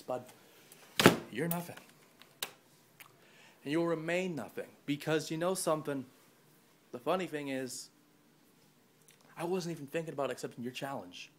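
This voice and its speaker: A man's voice: on the high side, a little hiss or hum. A young man with a cold delivering a scornful, rambling trash-talk promo. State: has a cold.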